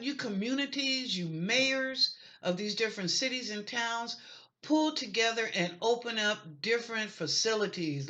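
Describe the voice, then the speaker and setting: A woman's voice: medium pitch, sharp tone. A middle-aged woman from the United States hosting her own show, talking straight to viewers in an impassioned, pleading, folksy way. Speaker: online psychic show host. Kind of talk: impassioned monologue to camera.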